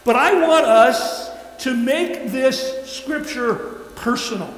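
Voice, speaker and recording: A man with a strikingly high voice delivers a sermon in slow, drawn-out phrases and leads the congregation in repeating lines back to him. He is heard from across a roomy church, with a long reverb tail on every line and a faint hum underneath. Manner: emphatic, slow deliberate phrasing, leads call-and-response. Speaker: preacher. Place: church sanctuary. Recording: echoey hall from a distance.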